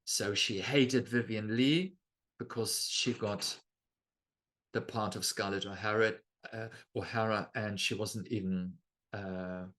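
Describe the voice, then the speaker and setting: German guy going slowly through slides, lots of uhs and right?s, easy chatty talk. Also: lowish voice, steady tone, fairly bright tone. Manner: chatty, with many fillers and tag questions. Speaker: astrology lecturer. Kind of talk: casual presentation over slides.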